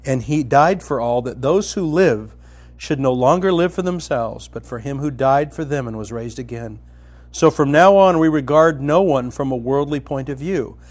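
This preacher's mid-range voice moves at a moderate pace as he teaches a Bible story in a casual, colloquial way. His telling is vivid, shifting back and forth between loudness and a hush.

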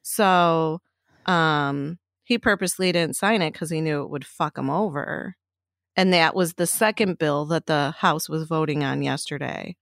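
A woman's voice: sits low, a little slow, vocal fry, a bit bright, no room sound, clean studio sound. A middle-aged woman in casual chat, ranting bluntly and swearing freely.

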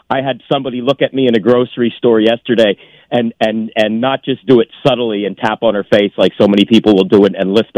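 A man's voice: mid-range voice, darkish tone, no echo, poor audio. A man calling in to a radio show, talking indignantly and stammering with frequent restarts. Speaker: caller. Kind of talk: call-in radio talk.

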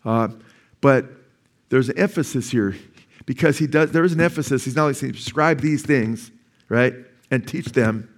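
This is a sixty-year-old pastor giving a sermon during a church service, speaking at medium pitch and a moderate pace. He often questions the congregation, pauses for their answers, and restates key phrases to stress them.

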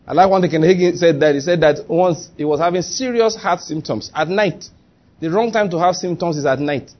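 Nigerian male pastor, raised voice, lively sermon delivery, muffled low-fi recording. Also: brisk. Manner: lively, chatty preaching with acted-out quotes and laughter.

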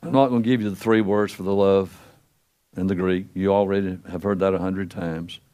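An older man preaching a sermon in a folksy, storytelling way, acting out the quotes he tells with wide swings in pitch and loudness. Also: fairly even intonation, moderate pace, clear, resonant tone.

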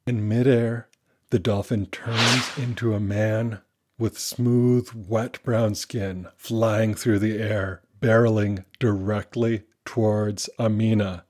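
A man narrating a children's adventure story in a calm, measured reading. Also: mid-range voice, husky.

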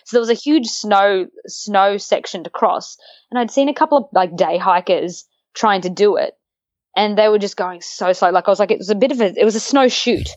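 A woman with an Australian accent, chatting as an interview guest and telling lively stories with frequent laughter. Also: medium pitch, brisk, no echo, highs cut off. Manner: animated storyteller, laughs often, acts out quotes. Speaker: interview guest, long-distance hiker. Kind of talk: casual interview chat.

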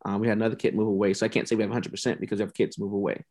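Earnest lower-voiced man, heartfelt. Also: flat delivery, racing, a little mellow. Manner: earnest, heartfelt, repeats himself. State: emotional, near tears at times. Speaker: youth mentoring program founder. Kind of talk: podcast interview guest.

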